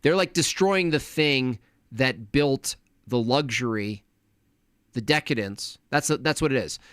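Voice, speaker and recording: A man hosts a casual livestream, thanking donors and wandering between topics as he mutters to himself. His voice sits at an ordinary middle pitch. The sound is dry and close, with no echo. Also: unhurried, fairly bright tone, clear, resonant tone. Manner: rambling, distracted, mutters to himself. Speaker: livestream host reading chat donations.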